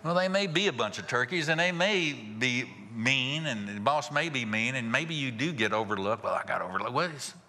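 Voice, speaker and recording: A male pastor preaching a sermon in a folksy way, asking rhetorical questions and chuckling softly. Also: medium pitch, animated, moderate pace, few pauses, big-room sound, slight background noise.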